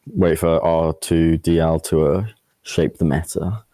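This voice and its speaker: A man's voice: extremely low pitch, flat delivery, measured pace, mellow, no room sound, clean studio sound. A man co-hosting a casual podcast chat, blunt and swearing freely. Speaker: podcast co-host.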